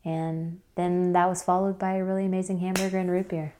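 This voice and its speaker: A woman's voice: fairly low pitch, flat delivery, brisk, mellow, a little hiss or hum. A woman as an interview guest, telling a story in a casual, chatty way with many fillers.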